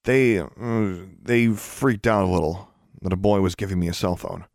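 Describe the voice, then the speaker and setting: A man's voice: low-pitched, fairly even intonation, normal speed, a little mellow, dry recording, clean studio sound. A man voicing an earnest, anxious young schoolgirl in a raised, apologetic voice. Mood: hesitant.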